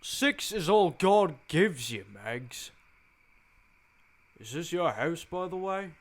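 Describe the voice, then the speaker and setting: A man's voice: on the high side, very animated, takes it slowly. A man doing a blustering brawny tycoon. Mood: hurt. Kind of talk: amateur fan dub.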